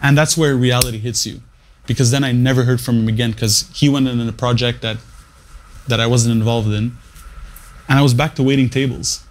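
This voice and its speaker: A man's voice: mid-range voice, fairly even intonation, brisk, slight background noise. A man who works as a radio morning show producer, speaking in an interview, telling his story and giving career advice in short, emphatic phrases with frequent restarts.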